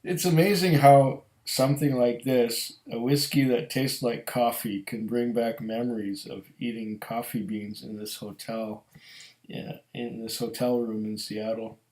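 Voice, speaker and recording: Man, middle-aged, casual tasting review, very slow, musing, echoey room. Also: mid-range voice, steady tone, a little mellow. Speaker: whiskey reviewer.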